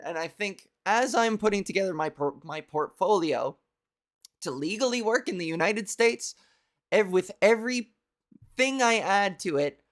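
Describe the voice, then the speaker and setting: A young woman with a scratchy, cartoony voice hosts a comedy stream in a rambling, profane, self-deprecating way. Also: medium pitch. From Canada. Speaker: comedy show host. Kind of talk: casual live-stream monologue.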